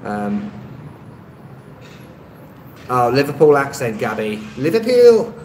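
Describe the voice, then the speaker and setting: A man's voice: mid-range voice, normal speed, echoey room, slight background noise, rough recording. Rambling man on a live stream. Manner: rambling and hesitant, lots of ums, self-deprecating. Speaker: travel YouTuber hosting a live stream. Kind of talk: casual live-stream chat, reading and answering comments. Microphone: phone on a stabilizer.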